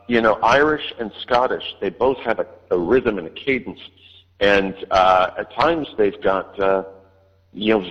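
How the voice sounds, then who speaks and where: A man, an audiobook narrator, answering interview questions in a hesitant way, with many fillers and restarts. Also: on the low side. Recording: dull line with long reverb.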